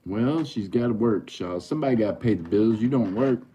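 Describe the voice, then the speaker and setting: Low, dark-voiced man chatting. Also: a little fast, slight background noise. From Oklahoma. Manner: joking, teasing chat in a drawl. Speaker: livestream host. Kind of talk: casual livestream chat.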